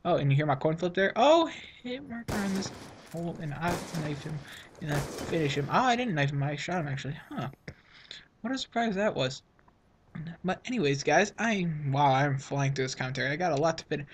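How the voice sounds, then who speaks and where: A man's voice: fairly high pitch, quick pace, a little hiss or hum. A teenage boy giving rambling, self-mocking commentary over his own gameplay, sniffling from a runny nose. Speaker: gaming channel host.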